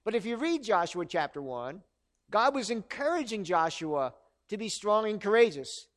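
A man's voice: high voice, very animated, normal speed. A man preaching a sermon in an earnest, conversational way, asking his listeners rhetorical questions. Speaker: pastor.

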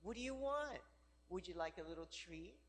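A man voicing a doting pet owner who coos softly and pampers a small yappy dog. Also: high-pitched, lively intonation, normal speed, in a large hall.

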